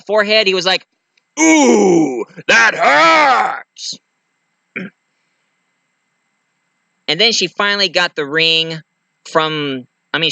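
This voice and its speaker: A man with a rather high, very bright and sharp voice rambles through a movie plot in a chatty review. He keeps a loose, casual grammar and leans on plenty of fillers. The sound is dry and close, with no room around it. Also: no echo.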